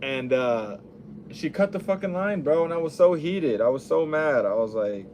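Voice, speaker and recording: A man's voice: fairly high pitch, expressive, normal speed, darkish tone, a little hiss or hum. A young adult man hosting a podcast, talking casually in a rambling, profane, laid-back monologue.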